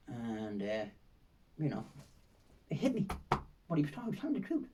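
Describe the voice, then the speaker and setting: A man's voice: on the high side, big pitch swings, moderate pace, long pauses, dark tone, far from the mic, a little hiss or hum, low-quality recording. Older Dublin man telling rambling stories. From Ireland. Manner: rambling, vivid storytelling with frequent fillers and repetitions. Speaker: guest. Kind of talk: storytelling in a podcast interview.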